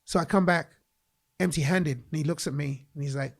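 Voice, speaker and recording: A man from England, a guest in a podcast interview, telling a personal story in an animated way and acting out the voices he quotes. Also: fairly high pitch, fairly quick, gravelly.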